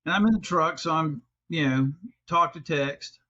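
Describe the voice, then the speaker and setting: High-voiced man telling stories. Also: moderate pace. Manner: animated, swearing, laughing storyteller. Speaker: podcast host. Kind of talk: casual storytelling chat. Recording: dull lo-fi sound.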